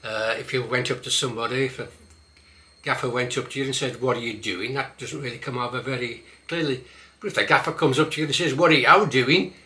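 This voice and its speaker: Older man, Black Country accent, casual dialect lesson, bright forceful voice. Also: medium pitch, steady tone. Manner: repeats words slowly to demonstrate pronunciation. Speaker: vlogger teaching dialect. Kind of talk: casual instructional vlog.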